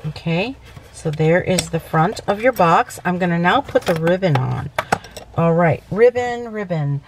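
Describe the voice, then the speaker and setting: A woman's voice: lowish voice, expressive, measured pace, noisy background. Chatty woman teaching a craft. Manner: chatty, self-correcting, frequent "okay". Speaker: papercraft tutorial host. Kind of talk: casual crafting demonstration.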